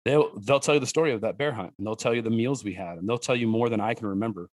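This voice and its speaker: A man telling hunting-family stories in an animated, rambling way, with restarts and fillers. His voice sits low for a man. The sound is dry and close, with no room echo. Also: fast talker. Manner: animated storyteller who acts out his daughters' lines in a higher voice. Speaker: guest, wild game cook and hunter. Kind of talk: casual podcast conversation.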